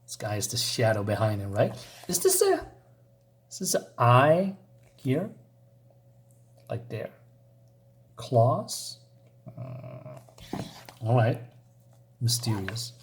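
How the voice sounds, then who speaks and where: A man's voice: mid-range voice, wildly swooping pitch, slow, pauses often. A man reviewing a comic book in a casual, hesitant way, reading panels aloud with frequent asides.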